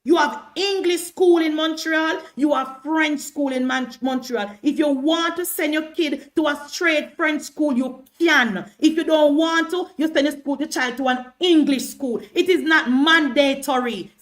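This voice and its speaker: Heated high-voiced Jamaican woman. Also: measured pace, hardly any pauses. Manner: argumentative, repeats herself, stammers when worked up. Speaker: livestream political host. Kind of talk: heated livestream commentary.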